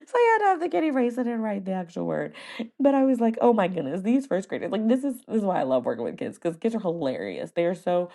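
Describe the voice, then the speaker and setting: A woman with a mid-range, creaky voice talks fast as she tells a casual story on her podcast; she also teaches first grade, and she keeps things lively with laughter and playful mimicking of words.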